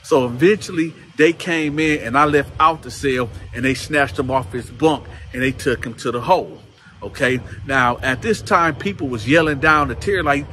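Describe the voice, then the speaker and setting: A man telling a story casually to camera, lively and acting out other people's voices. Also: mid-range voice, normal speed, faint music behind. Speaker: channel host telling prison stories.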